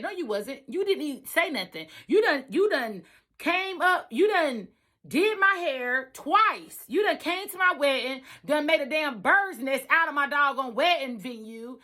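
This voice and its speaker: A woman's voice: high voice, measured pace. A woman, a truck driver, telling her own story in a casual storytime vlog, venting emphatically and repeating herself for effect. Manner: emphatic, repetitive, animated venting.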